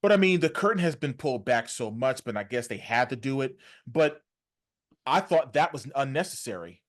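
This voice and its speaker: Male podcast host, casual and emphatic delivery, medium pitch. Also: animated, moderate pace. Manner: conversational, emphatic, rising pitch when reacting.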